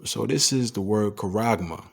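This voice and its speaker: A man's voice: on the low side, moderate pace, gravelly, breathy edge. A man talking casually while explaining images and reading scripture aloud. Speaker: commentator on symbolism and scripture. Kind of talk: casual screen-share commentary.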